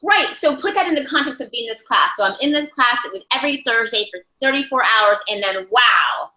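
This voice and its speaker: A woman's voice: high voice, animated, quick pace, sharp tone. A woman teaching a class on interpreting, talking things through thoughtfully with frequent restarts. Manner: thoughtful, searching for words, many restarts. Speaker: ASL interpreting instructor. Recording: echoey room.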